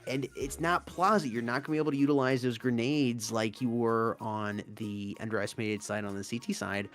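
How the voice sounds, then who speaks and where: Animated male esports analyst. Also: mid-range voice, brisk, faint music behind. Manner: animated, analytical, stresses key words. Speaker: esports co-caster. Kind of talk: analytical tournament commentary.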